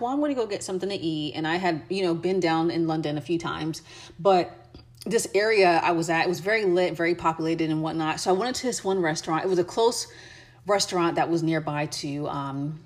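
A woman's voice: fairly low pitch, fairly quick. An American woman giving travel tips in a casual, chatty way, with many fillers and restarts. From United States. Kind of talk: casual advice chat.

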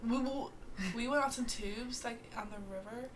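A young woman co-hosting a podcast, telling stories in lively, casual chat. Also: fairly high pitch, moderate pace, slight background noise. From Louisiana. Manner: animated storytelling with swearing and laughter. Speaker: podcast co-host.

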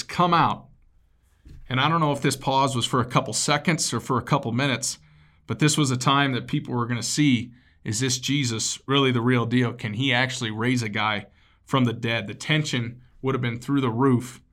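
A man's voice: mid-range voice, fairly even intonation, a little fast, a bit bright. A man preaching a sermon as a pastor, in a casual, conversational way with asides to his listeners.

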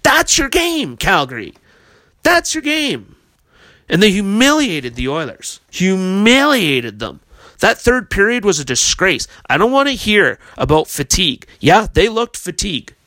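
A man's voice: high voice, very animated, moderate pace, pushed and bright, no room sound. A man hosting a hockey podcast, ranting in a heated, profane, casual way. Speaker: podcast host.

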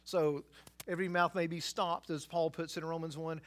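A man preaching a sermon, swinging between quiet asides and loud, emphatic passages. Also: a little high, little pitch movement, normal speed. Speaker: pastor.

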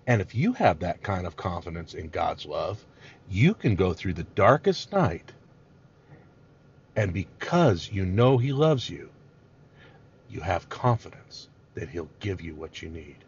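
A man delivering an earnest, emphatic sermon in a low, husky voice. His pitch swings widely as he presses his points. The recording is dull and lo-fi. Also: big pitch swings, unhurried. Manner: earnest, emphatic, acts out quoted complaints. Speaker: preacher.

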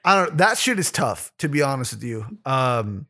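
A man's voice: medium pitch, very animated, moderate pace, sharp tone. A man co-hosting a podcast, telling rambling, profane stories in casual chat with lots of restarts. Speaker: podcast co-host.

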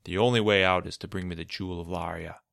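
A man's voice: low-pitched, fairly even intonation, fast talker, vocal fry, a bit bright, dry recording, clean studio sound. A man voicing a scheming, commanding adult male figure in a storybook reading, speaking in a cool, demanding way with a faint edge of menace. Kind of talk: storybook narration.

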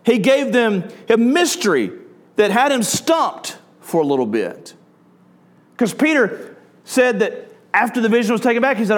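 A man with a Southern accent preaching a sermon as pastor, talking conversationally and putting questions to his listeners. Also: high voice. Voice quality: conversational, asks the audience questions.

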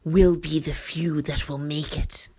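A woman voicing an Irish emigrant wife from the 1840s, high-pitched and sometimes breathy and hushed. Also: steady tone, a little slow, exaggerated voice. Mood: resolute.

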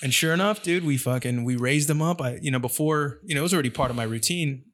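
Profane, animated male storyteller. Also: on the high side, quick pace. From San Jose, California. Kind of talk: casual storytelling chat.

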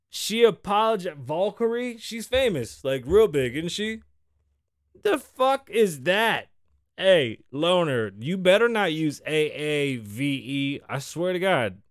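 Animated, profane man from the Bronx. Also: sits high, no room sound, clean studio sound. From the Bronx, New York. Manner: profane, riffing, teasing a co-host. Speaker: podcast host. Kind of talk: casual freestyle podcast talk.

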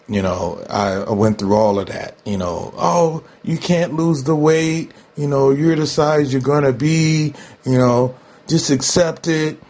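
In a solo talk show monologue, a male host talks candidly and conversationally, laughing often and repeating himself for emphasis. His voice sits low with a darkish tone.

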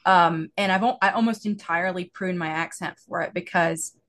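A woman's voice: lowish voice, moderate pace, fairly bright tone. Chatty drawling Southern woman. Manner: chatty storyteller, acting out little exchanges. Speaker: podfic narrator, interview guest. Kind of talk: casual chat.

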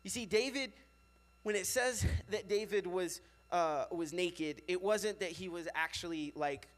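A young man with a high voice preaches to a youth group in a loose, chatty way. He fills his sentences with casual filler words and keeps the energy animated. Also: unhurried. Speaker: youth pastor.

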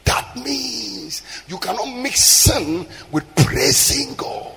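A man preaching a sermon, shouting and half-singing his lines. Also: high-pitched, animated, takes it slowly, creaky, long reverb tail, a little hiss or hum. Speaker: pastor.

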